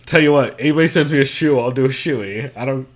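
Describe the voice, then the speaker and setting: A man's voice: mid-range voice, fast talker. A man co-hosting a podcast in casual chat, profane and joking, laughing often. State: has two broken toes. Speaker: podcast co-host.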